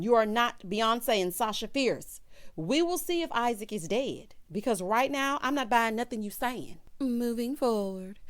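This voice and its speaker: Sassy animated woman recapping TV. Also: a little high. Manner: sassy, animated, acts out quotes in voices. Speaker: reality TV recap host. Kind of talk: casual recap commentary.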